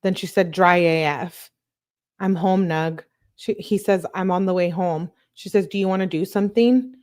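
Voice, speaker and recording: A woman hosting a true crime channel, reading text messages aloud in a plain, matter-of-fact way, with quick offhand comments between them. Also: lowish voice, steady tone, darkish tone.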